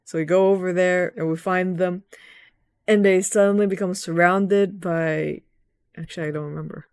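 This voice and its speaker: A woman's voice: on the low side, steady tone, normal speed, a little mellow, clean tone, no echo, studio quality. A young woman casually recapping a video game story, rambling and playful, often correcting herself.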